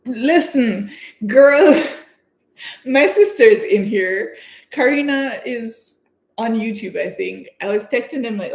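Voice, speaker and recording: A young woman from Canada, chatting excitedly and giggling as she hosts her own livestream. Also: fairly high pitch, slow. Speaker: livestream host. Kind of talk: casual livestream chat. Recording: echoey room.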